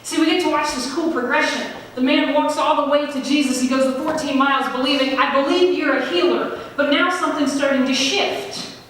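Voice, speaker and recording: A woman pastor preaching a sermon, conversational and emphatic, slowing down to stress key phrases. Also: sits high, fairly even intonation, fairly bright tone, slight background noise. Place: large church sanctuary. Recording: echoey hall, voice from far off.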